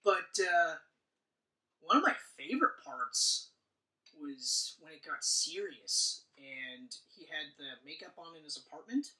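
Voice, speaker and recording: A man talks through a film he watched in a loose, rambling way, swearing often and slipping into little voices for the characters. His voice has an even, middle pitch. The sound is roomy and distant, as though he is sitting well back from the mic. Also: measured pace. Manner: profane, rambling, acts out scenes. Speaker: podcast co-host. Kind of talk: casual movie discussion. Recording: echoey room, mic at a distance.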